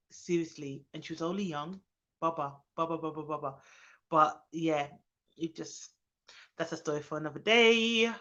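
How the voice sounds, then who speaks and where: A young woman, a nanny, chatting casually on her live stream, reading viewers' comments aloud and greeting them with excited bursts. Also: low voice. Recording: dull lo-fi sound.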